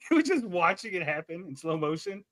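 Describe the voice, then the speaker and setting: A man's voice: sits high, sing-song, moderate pace, a bit bright. A man co-hosting a casual podcast chat, telling stories animatedly and swearing freely. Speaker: podcast co-host.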